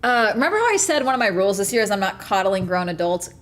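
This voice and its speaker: A woman's voice: medium pitch, sing-song, fast, fairly bright tone. A woman in her late twenties, a streamer reacting to messages, who talks bluntly, swears a lot and sounds exasperated. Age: 20s. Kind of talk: casual reaction commentary.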